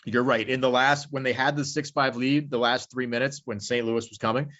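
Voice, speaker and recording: A man's voice: mid-range voice, fairly even intonation, fairly quick, a bit bright. Rambling, easygoing male podcast host. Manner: loose, rambling, swears freely. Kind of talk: casual sports chat. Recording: slightly dull lo-fi audio.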